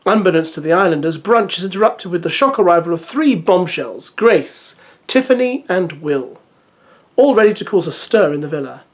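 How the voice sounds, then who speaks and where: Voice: mid-range voice, expressive, normal speed. A reality TV recap host reading a press release aloud and giving casual, opinionated commentary.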